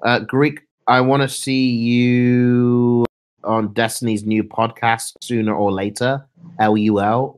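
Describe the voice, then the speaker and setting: A man's voice: mid-range voice, flat delivery, slow pace, clean tone. A young man streaming, chatting casually and reading his chat aloud in a laid-back, mumbling way.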